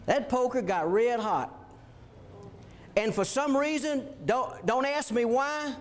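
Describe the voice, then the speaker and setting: A man in ministry telling an animated childhood story, often chuckling. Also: very high-pitched, slow. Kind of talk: storytelling testimony.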